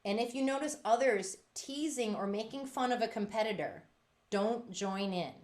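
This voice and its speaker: At a moderate pace, a woman gives a workshop aimed at music teachers. She's animated and forceful, dramatising quotes with wide pitch jumps.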